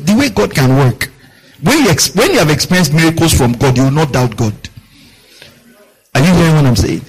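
A man's voice: husky, rough recording. A man preaching a sermon as a pastor, asking his congregation questions, repeating key lines and acting out the people in his stories. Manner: acts out quoted voices with big pitch jumps.

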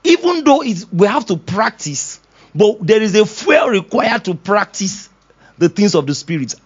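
Animated man preaching a sermon. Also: high-pitched, a little slow, husky. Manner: animated preaching, acts out voices, laughs often. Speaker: pastor. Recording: dull lo-fi sound.

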